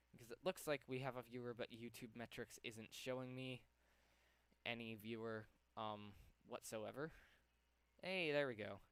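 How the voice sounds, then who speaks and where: A man's voice: medium pitch, a bit bright, clear, resonant tone, dry recording. A young man live-streaming from home, slightly out of breath, rambling with lots of ums as he works. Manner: rambling, lots of ums, talks to himself while working. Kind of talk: casual live-stream chat.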